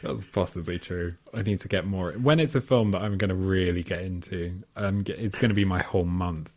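Low-voiced guy on a film podcast, animated, swears, laughs a lot, casual chat. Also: a little fast. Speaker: podcast co-host.

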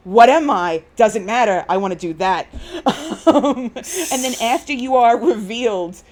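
Woman chatting on a podcast, kinda high voice, gushy and rambly, says like a lot. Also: lively intonation, measured pace, darkish tone. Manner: gushing, rambling retelling full of "like". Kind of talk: casual chat.

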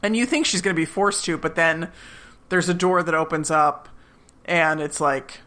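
A woman's voice: low voice, moderate pace. A woman co-hosting a podcast, animatedly recapping a TV episode and acting out the characters. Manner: animated, acts out quoted characters. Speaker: podcast co-host.

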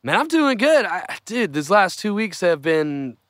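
A laid-back man co-hosting a podcast out in his backyard, talking easily and swearing casually. His voice is a bit higher than most men's and bright, and the sound is dry and close. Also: very animated, measured pace, dry recording. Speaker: podcast co-host.

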